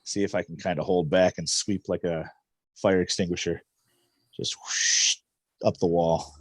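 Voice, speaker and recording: A man's voice: sits low, steady tone, moderate pace, a little mellow, dry recording. A man playing a tabletop game over a call, casually describing what his character does and laughing often. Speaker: player.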